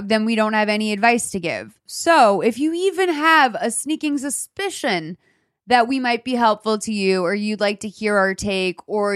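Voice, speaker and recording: A woman's voice: medium pitch, no room sound. A woman hosting a podcast in casual chat, gushing and swearing freely, close to tears. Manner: gushing, profane, affectionate. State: tearful. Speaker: podcast host.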